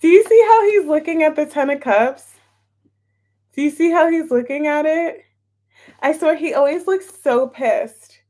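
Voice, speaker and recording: A woman's voice: high voice, unhurried, dark tone. A woman giving a casual live tarot reading, chatty and a little scattered, repeating herself and greeting viewers in the chat. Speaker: tarot reader.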